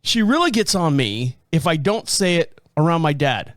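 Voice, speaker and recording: A man's voice: on the high side, very animated, normal speed, few pauses, a bit bright, no room sound, studio quality. A middle-aged man hosting a podcast, rambling casually and foul-mouthed, laughing often and acting out quotes. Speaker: podcast host.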